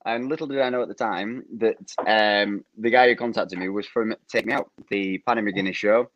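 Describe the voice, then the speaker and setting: A man's voice: lowish voice, fairly even intonation, normal speed, fairly bright tone, no room sound. A young man from Preston with a Lancashire accent, a podcast guest telling rambling stories in casual chat and laughing often. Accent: Lancashire English. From Preston, England. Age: young adult. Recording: muffled lo-fi audio.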